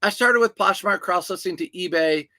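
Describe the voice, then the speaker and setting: A man's voice: high voice, normal speed, sharp tone. A man hosting a casual livestream about reselling, reading out viewer questions and answering them in a chatty, direct way.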